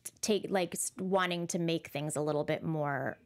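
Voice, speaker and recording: A woman's voice: low voice, moderate pace. Chatty woman guest, lots of restarts. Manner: chatty, many restarts and fillers, lively when quoting herself. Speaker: actress and puppeteer, guest. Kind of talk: casual interview chat.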